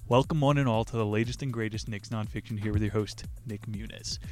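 A man's voice: on the low side, fairly even intonation, a little fast, music in the background. Brash joking male podcast host. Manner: brash, swearing, cracking corny jokes. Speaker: podcast host reviewing books. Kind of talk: crude comedic book chat with read-aloud passages.

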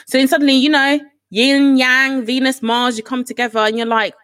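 A woman co-hosting a podcast in casual chat, animated and frank, venting with the odd swear word. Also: a little high, a little fast, few pauses, dry recording. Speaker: podcast co-host.

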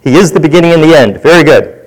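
A man's voice: a little high, lively intonation, quick pace, poor audio. A man leading a Bible study, teaching in a conversational way and putting questions to his group.

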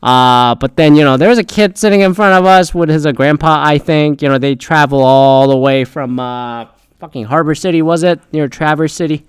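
A man's voice: a little high, moderate pace, smooth, no room sound. Rambling, foul-mouthed young man. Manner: rambling, heavy swearing, frequent fillers. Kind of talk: casual storytelling.

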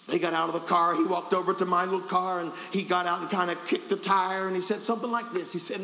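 In a revival service hall, a man preaches a folksy, self-deprecating story, stammering and restarting as he goes. His high-pitched voice is fast, gravelly, and sharp with a steady tone, and the recording carries the hall's echo plus a faint hiss.

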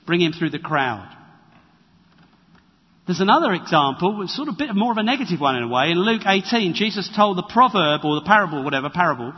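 A man preaching a sermon in a conversational, animated way and acting out the quotes he tells. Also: high-pitched, fast, few pauses, breathy edge. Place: church hall. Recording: reverberant, dull lo-fi church recording.

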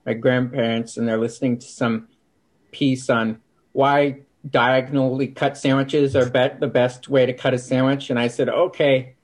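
A man's voice: medium pitch, level tone, normal speed. A man as a podcast guest in casual chat, hesitant with stammering restarts and dry, skeptical humor. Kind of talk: casual conversation.

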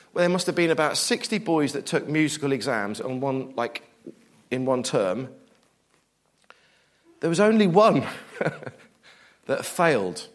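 Man, middle-aged, preacher, sermon, fairly high voice, lively, self-deprecating, loud then hushed.

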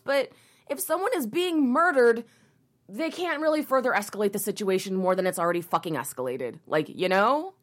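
Reading a news article aloud in a casual commentary video, a woman keeps stopping after quotes to rant sarcastically and indignantly, cursing heavily. She speaks at a normal speed, with a medium pitch and lively intonation.

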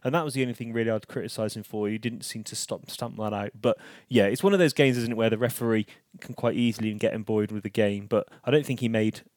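A man co-hosting a casual football podcast, rambling and animated, restarting his sentences often. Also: lowish voice, quick pace, hardly any pauses, dry recording, studio quality. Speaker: podcast co-host.

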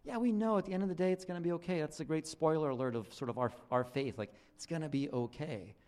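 A man's voice: fairly high pitch, fast talker, a little mellow. A young man preaching a casual, conversational sermon to his church, talking loosely with frequent restarts and fillers. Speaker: pastor.

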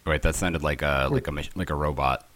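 A man's voice: very deep voice, a little fast, noisy background. A man co-hosting a podcast, talking in a rambling, hesitant way and laughing often. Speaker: podcast co-host. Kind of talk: casual podcast chat.

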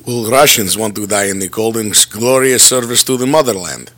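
A man hosting a podcast in casual chat, jokey and lively, riffing on pop culture. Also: fairly low pitch, moderate pace. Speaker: podcast host.

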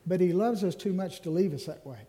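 In a high, mellow voice, a male minister gives an earnest Ash Wednesday sermon. He slows down to stretch out the key phrases and now and then adds a self-deprecating remark.

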